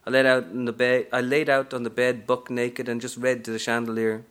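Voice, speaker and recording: A man's voice: medium pitch, little pitch movement, brisk, a bit bright, clean tone, natural voice. A man reading aloud from a novel, narrating as a brash, streetwise aging woman hustler in a sassy first-person style.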